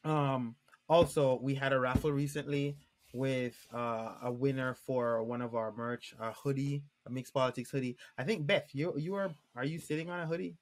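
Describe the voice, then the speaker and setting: A man's voice: mid-range voice, steady tone, moderate pace. A man in his late thirties co-hosting a podcast, chatting casually with lots of ums and restarts. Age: 30s. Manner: rambling, many ums and restarts. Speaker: podcast co-host. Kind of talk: casual chat.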